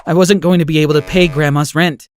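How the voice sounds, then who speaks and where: A man narrating an animated first-person story in an emotional, expressive way. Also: on the high side, quick pace, clear, resonant tone, faint music behind.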